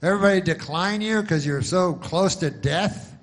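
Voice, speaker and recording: Man doing a loud pitchman, pushy, higher and louder than his usual talk, slow and emphatic. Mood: salesy. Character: pushy male insurance pitchman for old people.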